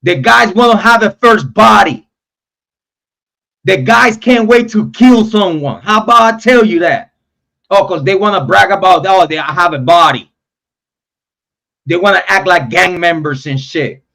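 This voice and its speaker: A man's voice: sits high, lively intonation, moderate pace, creaky, sharp tone. A young man hosting a true crime live stream, ranting in a heated, profane, repetitive way. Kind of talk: angry live-stream rant.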